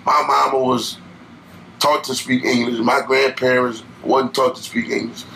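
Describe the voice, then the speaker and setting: A man's voice: mid-range voice, little pitch movement, a little slow, creaky, sharp tone, slight background noise, low-quality recording. A young man from Louisiana with a Louisiana accent, a guest chatting casually in a laid-back, rambling way full of fillers. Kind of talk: casual interview chat.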